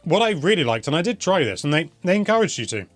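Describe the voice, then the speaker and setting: A man's voice: a little high, very animated, quick pace, no room sound, faint music behind. A young man hosting a casual live question-and-answer stream, chatty and rambling, often correcting himself mid-sentence. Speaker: host answering viewer questions.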